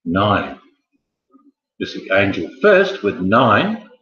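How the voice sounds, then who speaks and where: A man's voice: lowish voice, huge pitch swings, slow, fairly bright tone. A man hosting a casual quiz, joking and wandering off into chatty asides. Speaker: quiz host. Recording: echoey, muffled room sound.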